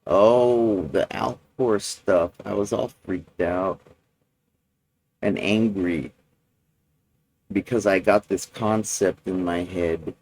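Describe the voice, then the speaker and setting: A man recording a personal video journal, talking in a halting, rambling way with many restarts and fillers. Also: sits low, a little mellow, no room sound, rough recording.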